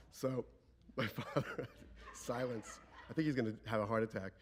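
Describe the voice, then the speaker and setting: A man's voice: lowish voice, fairly even intonation, normal speed, long pauses. Man telling a comic story on stage. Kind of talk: live storytelling before an audience.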